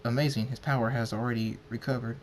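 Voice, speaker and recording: A man's voice: medium pitch, level tone, quick pace, slight background noise, close to an everyday voice. A man voicing a male pony doctor who scolds in a raised, stammering voice in a fan story reading. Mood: scolding.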